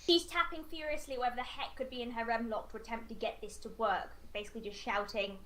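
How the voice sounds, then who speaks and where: A woman playing in a tabletop game, animated and exclaiming. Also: a little high, fast, few pauses. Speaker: tabletop player. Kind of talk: casual tabletop role-play.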